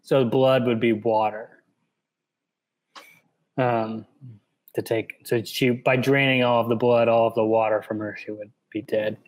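Relaxed man reading a book aloud. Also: medium pitch, measured pace, long pauses, rough recording. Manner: relaxed, laughing, explains as he reads. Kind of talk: casual chat and reading aloud.

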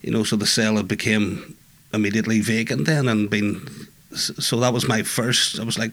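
A middle-aged man talks about his time inside, his voice carrying a gravelly texture. He stumbles and restarts often, adding "you know" as he circles back to his point. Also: on the low side, steady tone, a bit bright. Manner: halting, many restarts and asides. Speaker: former prisoner and peer listener. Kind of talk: conversational interview recollection.

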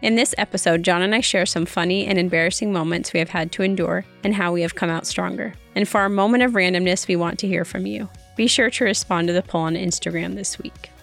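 A woman's voice: on the low side, steady tone, fast, vocal fry, few pauses, a bit bright, faint music behind. A young woman co-hosting a podcast, chatting casually and laughing often. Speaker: podcast co-host. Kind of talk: casual chat.

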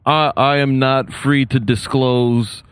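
A male comedian guest on a podcast, teasing and playful, talking in a relaxed, drawn-out way on a hotel terrace. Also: medium pitch, clear, resonant tone. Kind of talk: casual chat.

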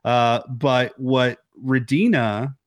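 Male podcast co-host, young adult, rambling casual talk, mid-pitched, dry close sound. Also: steady tone, slow, dry recording. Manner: rambling, restarts his thoughts often. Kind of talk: casual chat. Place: home, remote recording.

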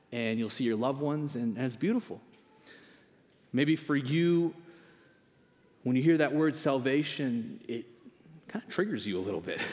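A young male pastor delivers a sermon like a friendly chat, poking fun at himself as he tells everyday stories. His mid-pitched voice rings out in a large church hall with a long, trailing reverb. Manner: conversational, self-deprecating storytelling.

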